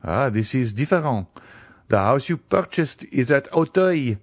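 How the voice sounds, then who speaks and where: A narrator doing a fawning small-town notary, eager to please and quick to agree. The pitch bobs up and down, and the reading is recorded dry and close. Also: male voice, expressive, no room sound. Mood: obliging. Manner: eager, obliging. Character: fawning provincial male notary, fee-minded.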